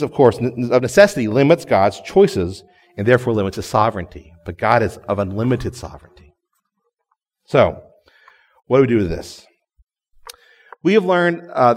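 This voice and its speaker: A man's voice: mid-range voice, long reverb tail. A man giving a sermon as a guest preacher. He speaks conversationally and often adds "right?" to check in with listeners.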